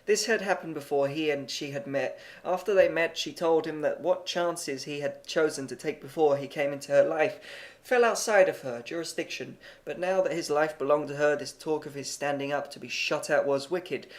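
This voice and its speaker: A man narrating a short story in a plain, measured amateur audiobook reading, with occasional stumbles. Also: a little high.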